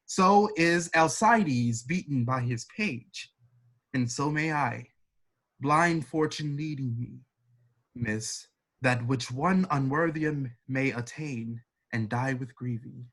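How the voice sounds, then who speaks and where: A man reading a slow boastful prince. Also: medium pitch, a bit bright. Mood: proud. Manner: measured, declaiming verse. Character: proud boastful foreign prince, male adult. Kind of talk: amateur play reading.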